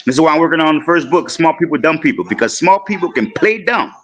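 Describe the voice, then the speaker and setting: A man from New Orleans with a New Orleans accent, a panel guest talking loud and profane in a boastful, storytelling way. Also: a little high, expressive, quick pace, lo-fi sound, a little hiss or hum. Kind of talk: casual panel chat.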